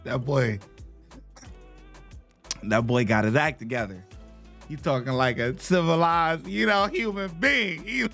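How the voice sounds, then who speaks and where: A man's voice: sits high, a little slow, creaky, soft background music. A man hosting a reaction video, giving casual, slangy commentary and often laughing while he tells what happened. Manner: laughing, slangy, animated storytelling.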